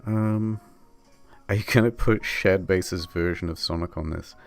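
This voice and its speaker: A man's voice: sits low, fairly even intonation, measured pace, gravelly, faint music behind. A man chatting offhandedly on a live stream while editing a video, swearing now and then and reading viewer messages aloud. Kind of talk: casual live-stream chat.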